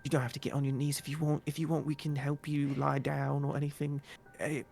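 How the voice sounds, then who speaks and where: A man's voice: on the high side, monotone, fairly quick, creaky, darkish tone, faint music behind, pitched above the performer's own voice. A man voicing a fussy female popper in a tabletop game, cooing over people in a motherly way. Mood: apologetic.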